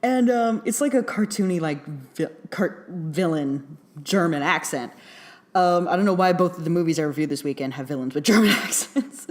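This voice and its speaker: A woman's voice: lowish voice, animated, normal speed. A young adult woman giving a casual, chatty film review, full of fillers and little laughs. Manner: chatty, rambling, many fillers and giggles.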